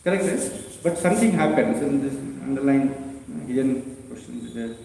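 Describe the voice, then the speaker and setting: A man giving a devotional scripture class, halting with many fillers and restarts as he tells a story and quotes its voices. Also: medium pitch, animated, gravelly, mellow, slight background noise. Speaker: preacher. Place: temple hall. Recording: echoey temple hall.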